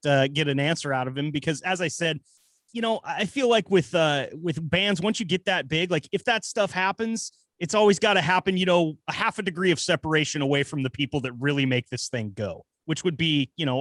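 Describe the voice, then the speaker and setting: A man in casual podcast chat, talking in a relaxed, rambling way with many fillers. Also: on the high side, dry recording.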